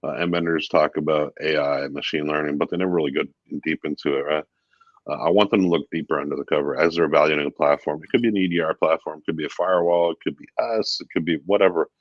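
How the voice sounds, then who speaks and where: A man talking as a guest in a casual interview, relaxed and chatty with many fillers. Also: very deep voice, quick pace, no echo, highs cut off. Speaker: guest, VP of sales.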